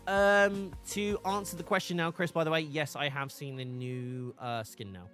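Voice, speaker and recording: A man's voice: a little high, fairly even intonation, normal speed, fairly bright tone, soft background music. A man streaming live, chatting casually and animatedly, often restarting and laughing.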